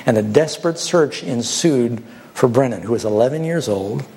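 A man's voice: medium pitch, expressive, moderate pace, darkish tone. A man preaching a sermon in a church, telling a parable with rhetorical questions and little acted-out quotes.

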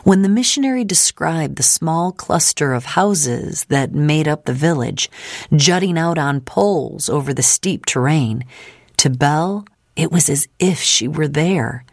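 A woman reading a biography aloud as an audiobook narrator, in a steady, measured storytelling manner on a close studio mic. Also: low-pitched, dry recording.

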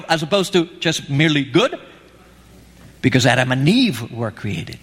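A man speaking at normal speed in a slightly high, expressive voice with a sharp tone preaches conversationally, often questioning his listeners. Echo from the hall colors the recording.

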